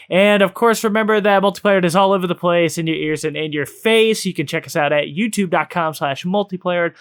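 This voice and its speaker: A man hosting a casual podcast, playful and self-mocking, with loud bursts of hype. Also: high-pitched, a little fast, clean tone, no echo, clean studio sound. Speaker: podcast host.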